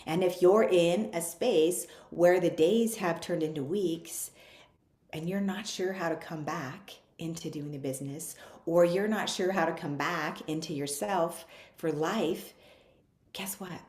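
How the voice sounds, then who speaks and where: A woman's voice: lowish voice, a little slow, a little mellow. A woman giving an earnest, conversational motivational talk who acts out her listeners' objections. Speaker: speaker on a coaching call. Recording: echoey room.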